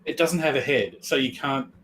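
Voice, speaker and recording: A man's voice: medium pitch, moderate pace, a bit bright, poor audio. A man giving casual gameplay commentary, musing and a little hesitant as he explains game mechanics to friends. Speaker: let's play commentator.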